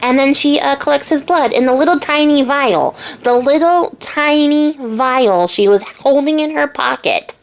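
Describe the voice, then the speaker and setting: A woman's voice: high-pitched, unhurried, gravelly, hardly any pauses. Giggly young woman retelling a story. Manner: chatty, giggly, full of fillers. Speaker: host, storyteller. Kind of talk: casual storytelling.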